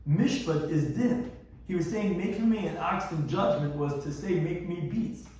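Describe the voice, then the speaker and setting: A man's voice: on the high side, moderate pace, dark tone. A male rabbi teaching a Talmud class, chanting Aramaic phrases and explaining each in plain words with small jokes. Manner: explains Aramaic phrases line by line, chanting the original then translating, with quips. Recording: very echoey room, distant mic.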